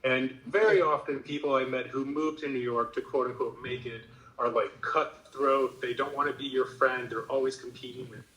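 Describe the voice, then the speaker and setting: A man's voice: medium pitch, fairly even intonation, normal speed, hardly any pauses, sharp tone, reverberant, low-quality recording. An American man in a casual conversation, telling a rambling story full of fillers and restarts. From United States. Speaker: HR professional guest.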